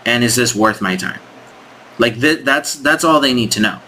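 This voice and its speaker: Bright-voiced man thinking aloud. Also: mid-range voice, moderate pace, slight background noise. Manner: thinks aloud with many restarts; frank, critiques scripts directly. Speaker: sales coach. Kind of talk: casual screen-share walkthrough.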